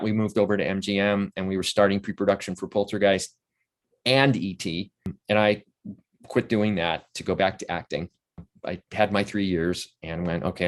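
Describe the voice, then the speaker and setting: A man in his sixties, an actor and playwright, telling stories in a casual interview and acting out the voices of the people he quotes. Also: on the low side. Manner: animated storyteller who acts out quoted voices.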